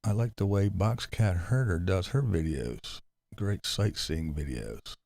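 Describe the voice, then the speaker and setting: Wry, gravelly-voiced man chatting to chat. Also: low-pitched, expressive, a little slow, darkish tone, dry recording, studio quality. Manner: wry, rambling, sarcastic. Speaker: livestream host. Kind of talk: casual chat reading live comments. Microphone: close desk mic with headphones.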